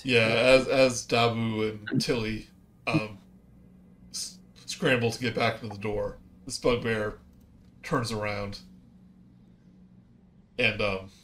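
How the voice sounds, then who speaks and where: A man's voice: lowish voice, little pitch movement, takes it slowly, pauses often, a bit bright, slight background noise. A man narrating as game master for a tabletop game, talking casually with many fillers and restarts.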